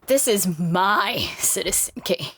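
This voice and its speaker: A woman guest on a podcast, animated and quick to react and joke. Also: mid-range voice, husky. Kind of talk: casual chat.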